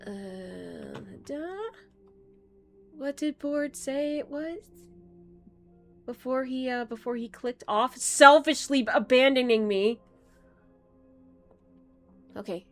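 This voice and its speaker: A woman's voice: high-pitched, lively intonation, takes it slowly, gravelly, long pauses, fairly bright tone, soft background music. A young woman streaming a game, chatting casually and rambling with playful asides. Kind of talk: casual gaming stream chat.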